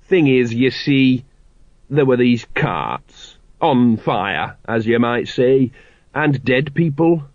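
A man voicing an elderly male dwarf father, worried and hesitant, who speaks in slow, halting phrases. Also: mid-range voice, expressive, darkish tone, no room sound. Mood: awkward, gentle. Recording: dry, dull lo-fi audiobook recording.

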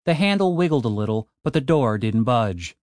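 Brief: male audiobook narrator, animated intonation, dry close recording. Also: medium pitch, fairly quick, no room sound.

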